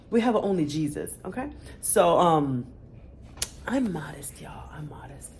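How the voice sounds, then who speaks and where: A woman's voice: low-pitched, sing-song, unhurried, darkish tone, slight background noise. A woman in her thirties, chatting candidly to the camera for her vlog, with lots of fillers. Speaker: vlogger. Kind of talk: casual chat to camera.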